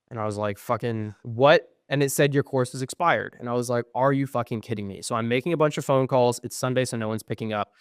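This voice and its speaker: A man's voice: mid-range voice, dry recording. Young guy rambling through a story on a podcast, acts out the dialogue, curses a bit, dry mic. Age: young adult. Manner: animated storyteller, acts out quoted exchanges, frequent ums; swears when frustrated. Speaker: podcast co-host. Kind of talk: casual storytelling chat.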